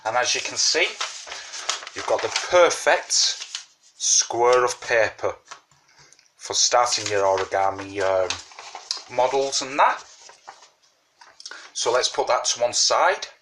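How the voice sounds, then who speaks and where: A man walks viewers through origami folds in an unhurried, rambling way, full of fillers and asides. He talks around a mint in his mouth. Faint background hiss and small clicks sit under the voice. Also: mid-range voice, expressive. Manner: chatty, repeats "you know what I mean", many fillers. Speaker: origami tutorial host. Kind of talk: casual step-by-step craft tutorial.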